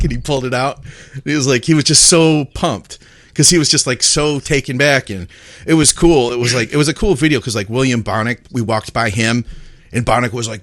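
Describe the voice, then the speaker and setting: A man co-hosting a podcast, telling a rambling, excited story in casual chat. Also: medium pitch, fairly quick, dry recording, clean studio sound. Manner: rambling, excitable, laughs often. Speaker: podcast co-host.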